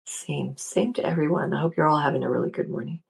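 Woman host w a low gravelly kinda husky voice, chatty live show, says hi to listeners by name. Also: fast talker, darkish tone. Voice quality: gravelly morning voice. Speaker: radio show host and spiritual psychology practitioner. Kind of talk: casual live-show chat reading listener comments.

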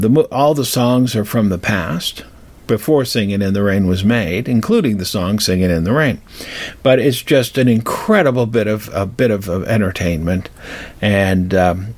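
Older male radio host in his seventies with a lowish voice, chatty and meandering storyteller. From Colorado. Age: 70s. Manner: rambling and anecdotal, with fillers and restarts. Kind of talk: casual storytelling.

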